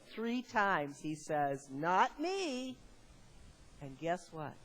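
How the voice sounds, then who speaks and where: A woman's voice: fairly low pitch, very slow. A woman preaching a conversational sermon, asking the congregation questions. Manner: lively, conversational, asks the audience questions.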